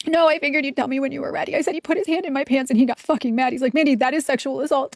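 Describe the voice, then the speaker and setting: A woman telling a personal story in a played clip, retelling it quickly and with strong emotion. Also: high voice, steady tone, no room sound, studio quality.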